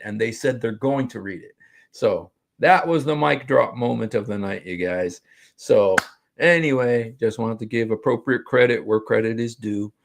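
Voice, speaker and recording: A middle-aged man excitedly retelling a street encounter in casual talk, laughing and restarting his sentences. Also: mid-range voice, moderate pace, vocal fry. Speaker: street preacher recounting an outreach encounter. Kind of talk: casual talk over a played clip.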